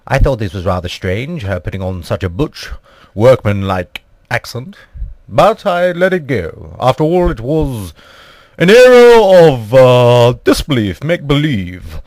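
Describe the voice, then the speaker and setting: A young man telling an absurd comic story in a mock-posh, deadpan, rambling way. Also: mid-range voice, unhurried, no echo.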